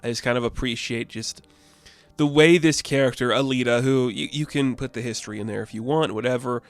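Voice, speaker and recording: A man's voice: medium pitch, brisk, dry recording. A man chatting casually through a comic book review, rambling and filling gaps with "like". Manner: rambling, many "like" fillers.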